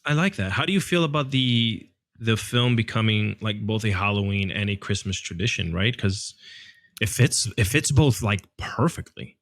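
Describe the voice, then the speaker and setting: A man's voice: on the low side, animated, moderate pace, a bit bright, no room sound, studio quality. A man hosting a podcast, chatting casually about films, often breaking off mid-thought and laughing. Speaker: podcast host. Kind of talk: casual film chat.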